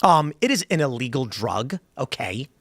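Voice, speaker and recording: A man hosting a casual talk show, arguing quickly and reading out viewer comments. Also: mid-range voice, very animated, fairly bright tone, dry recording. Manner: argumentative, fast, mock-quotes people in asides. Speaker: host.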